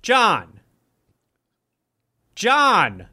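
Guy playing a fed-up wife, high lively voice, keeps saying his name. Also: drawn-out words, exaggerated voice. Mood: exasperated. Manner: exasperated, insistent. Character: exasperated wife arguing with her husband.

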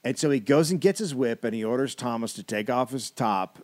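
A man's voice: mid-range voice, brisk, darkish tone. A man co-hosting a comedy podcast, casually retelling a historical story with wry asides.

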